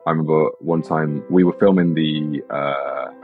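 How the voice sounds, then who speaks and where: A young British man, an actor, chatting casually in an interview, telling rambling, animated stories with lots of restarts. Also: extremely low pitch, measured pace, soft background music. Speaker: actor guest. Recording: slightly dull lo-fi sound.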